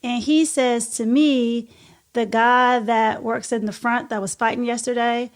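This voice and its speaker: A woman's voice: a little high, steady tone. A woman co-hosting a podcast with her husband, chatting casually and backing up his story. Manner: supportive, quick to back up and finish her husband's lines. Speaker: podcast co-host. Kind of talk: casual chat.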